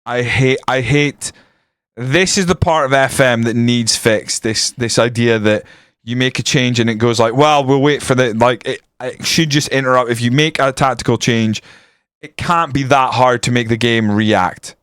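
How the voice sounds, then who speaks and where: A young man streaming a football management game, swearing constantly and yelling at the match from a room at home. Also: mid-range voice, normal speed, smooth, no echo, studio quality. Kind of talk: live game-stream commentary. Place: room at home with window open.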